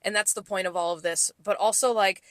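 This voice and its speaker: A young woman, a restaurant server co-hosting a podcast, telling stories in a casual, profane, animated way. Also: medium pitch, a little fast, dry recording. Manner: profane, animated storytelling that acts out customers. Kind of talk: casual chat.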